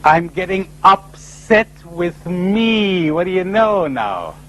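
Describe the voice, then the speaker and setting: A man giving a lively spiritual conference talk, full of rhetorical questions and acted-out voices, on an old tape recording. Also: high voice, slow, low-quality recording. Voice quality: animated, rhetorical, acting out imagined voices. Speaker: speaker at a spiritual retreat conference.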